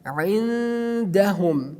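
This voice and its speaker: A slow, unhurried teacher with a mellow, dark tone walks through pronunciation rules in careful. The speaker hesitates often and drags out each example twice. A long reverb trails after every phrase. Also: medium pitch, animated. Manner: hesitant, many pauses and fillers, repeats each example slowly. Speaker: Quran recitation teacher.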